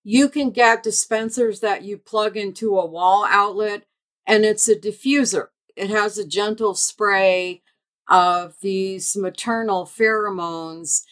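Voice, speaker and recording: A woman guest on a podcast, explaining dog behavior in a measured, deliberate way as an expert. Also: medium pitch, fairly even intonation, a bit bright. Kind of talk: explanatory interview answers.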